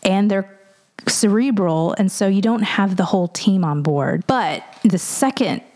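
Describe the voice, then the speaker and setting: A woman coach in a reflective podcast conversation, pausing thoughtfully to search for her words. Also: medium pitch, a little mellow.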